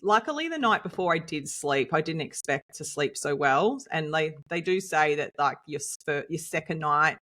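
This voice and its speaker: Bright, chatty Australian woman. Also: low voice, moderate pace, hardly any pauses. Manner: lively, chatty, laughs often while recounting. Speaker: podcast co-host and nutritionist. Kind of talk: casual storytelling chat.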